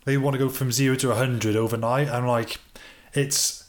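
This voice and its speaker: A British podcast host with a mid-range male voice, talking in a chatty, animated way. He shares his own views between questions and sometimes acts out what other people say. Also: mid-range voice, normal speed. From Britain. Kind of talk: casual podcast interview.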